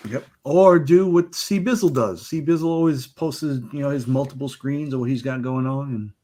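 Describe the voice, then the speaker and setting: A man from Texas co-hosting a podcast in a casual, joking chat. His voice sits at a mid pitch and his delivery stays laid-back. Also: normal speed, dark tone. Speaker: podcast co-host.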